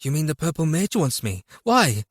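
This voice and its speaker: Guy doing a scared young mom, higher voice, pleading, dry sound. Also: sing-song, moderate pace, no echo. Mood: alarmed. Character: frightened young mother, woman.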